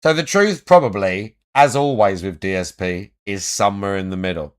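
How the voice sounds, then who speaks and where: A man's voice: on the low side, moderate pace, clear, resonant tone. A young man giving crude, mocking commentary, laughing often and trailing off into restarts. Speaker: online commentator.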